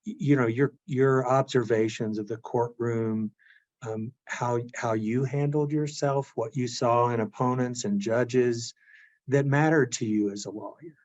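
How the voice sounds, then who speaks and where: A man's voice: mid-range voice, fairly even intonation, measured pace, darkish tone. A man interviewing a lawyer, asking polite, rambling questions with restarts. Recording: dull lo-fi sound.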